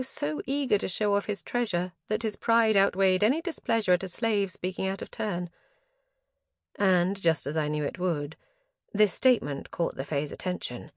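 A woman reading a first-person fantasy novel aloud, expressive and dramatic, with tense rises at moments of action. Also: lowish voice, moderate pace, dry recording, studio quality. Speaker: audiobook narrator.

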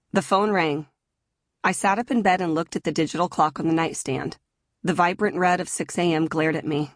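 Low-voiced woman reading her memoir. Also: no room sound, studio quality. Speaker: author narrating her memoir. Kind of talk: audiobook memoir narration.

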